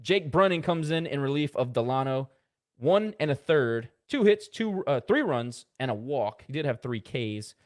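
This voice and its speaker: A man co-hosting a casual sports podcast, rattling off box-score stats with quick asides. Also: mid-range voice, expressive. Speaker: podcast co-host.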